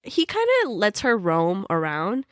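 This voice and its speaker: A woman co-hosting a podcast, chatting casually about a book and retelling scenes with lively quoted dialogue. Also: medium pitch, measured pace, no echo, clean studio sound. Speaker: podcast co-host.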